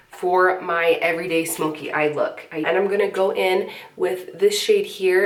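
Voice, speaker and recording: Young woman doing a casual makeup tutorial, a little stuffy from a cold, kinda far from the mic, echoey room. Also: on the low side. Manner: chatty, relaxed, filler-heavy. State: sniffly from a cold. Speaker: beauty vlogger.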